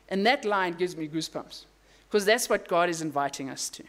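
A pastor preaching a sermon, telling a story with emphatic rises and quiet, hushed drops, and making casual asides. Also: medium pitch, lively intonation, fairly quick. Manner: casual asides and self-corrections.

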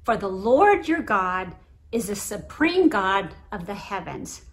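A middle-aged woman preaching a sermon, telling a story with lively acted voices. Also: medium pitch, slow. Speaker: pastor.

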